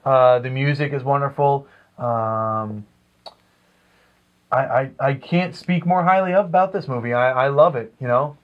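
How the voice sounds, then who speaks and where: A man's voice: mid-range voice, a little slow, narrow, tinny audio. A man co-hosting a casual movie review, rambling with lots of fillers and restarts. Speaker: co-host.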